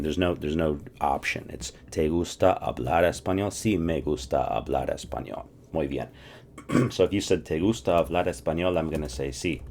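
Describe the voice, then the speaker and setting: Deep-voiced man teaching in a relaxed drill. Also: slight background noise. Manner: animated, drills phrases and asks viewers to repeat; clears throat often. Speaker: language teacher. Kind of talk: casual spoken lesson.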